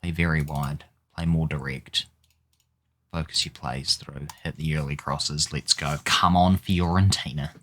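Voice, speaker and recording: A man with a low, deep voice talks through a football management game in an unhurried drawl. He grumbles, swears and mutters at his team in exasperation. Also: steady tone, a bit bright. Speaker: gaming YouTuber. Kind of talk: casual gameplay commentary.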